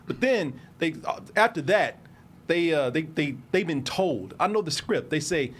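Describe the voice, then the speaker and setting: Guy on a podcast, high voice bouncing all over, cussing and laughing as he talks. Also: lively intonation, unhurried, fairly bright tone, a little hiss or hum. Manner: laughing, profane storytelling. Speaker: podcast co-host. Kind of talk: casual podcast chat.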